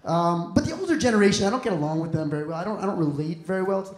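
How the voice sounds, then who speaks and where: A man's voice: high voice, expressive, racing. A young man doing a stand-up comedy set, rambling and self-deprecating, swearing freely. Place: comedy club stage. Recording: echoey comedy club room.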